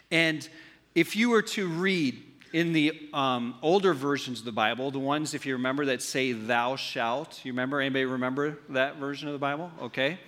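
An animated male pastor delivers a sermon, constantly throwing questions out to his congregation. His voice sits a little high and rings bright. The sound carries a long reverb from the church hall.

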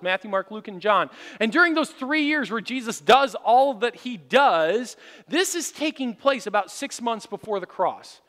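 A male pastor preaching a sermon in a church, telling stories with animation and rising to shouts for emphasis. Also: very high-pitched. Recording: long hall reverb.

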